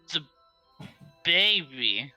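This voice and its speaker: Bright, lively woman player. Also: low voice, slow, faint music behind. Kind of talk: casual game chat.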